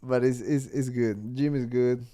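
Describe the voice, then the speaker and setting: A man's voice: mid-range voice, fairly even intonation, unhurried, warm tone, no room sound. Dry-sounding laid-back podcast host, man. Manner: loose, profane, laughing banter. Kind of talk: casual chat.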